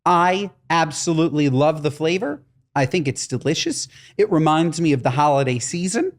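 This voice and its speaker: A man's voice: a little high, normal speed. A man co-hosting a comedy podcast, telling stories in a playful, exaggerated way. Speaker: podcast co-host. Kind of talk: casual comedic chat.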